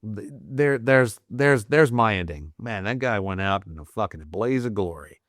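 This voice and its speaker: A man from the United States, a Marine veteran guest on a podcast, telling a personal story candidly, with heavy swearing, fillers and halting restarts, choked up and teary. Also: on the low side, lively intonation, a bit bright, no echo, studio quality. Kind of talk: emotional storytelling in a podcast interview.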